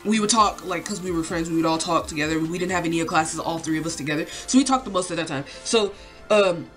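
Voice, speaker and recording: A woman's voice: fairly low pitch, fast, faint music behind. A young woman telling a story to camera in a casual, rambling way, full of fillers and swearing. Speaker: vlogger.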